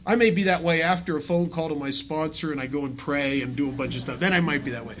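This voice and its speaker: A man's voice: on the high side, fast, hardly any pauses, a crowd in the background. Self-mocking middle-aged man telling stories. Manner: self-mocking storyteller who laughs at his own jokes; conversational, full of restarts and asides to the audience. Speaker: recovery program speaker. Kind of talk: talk to a recovery audience.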